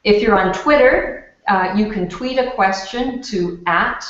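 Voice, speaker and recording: A woman's voice: medium pitch, measured pace. A woman hosts a community talk event, chatting casually and leaning on plenty of ums and uhs. Her voice rings around a roomy space, and the sound is a little dull and lo-fi. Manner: chatty, with frequent fillers. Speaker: event host. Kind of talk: casual hosting of an online talk. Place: community hub classroom. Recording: echoey room, dull lo-fi sound.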